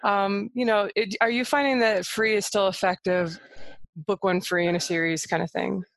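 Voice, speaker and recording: A woman's voice: mid-range voice, fairly even intonation, moderate pace, no echo. A woman co-hosting a casual podcast, asking a guest questions in a conversational way.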